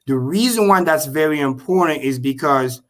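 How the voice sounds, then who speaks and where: A man on a video call explaining crypto with excitable, profane energy and repeating key points slowly for emphasis. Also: a little high. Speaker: crypto show guest. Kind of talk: animated livestream explanation.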